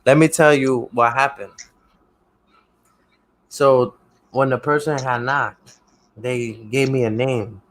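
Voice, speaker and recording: A man's voice: mid-range voice, fairly even intonation, slow pace, pauses often, low-quality recording. Laid-back man with a mid-range voice who tells stories in casual chat and keeps checking that the listener follows.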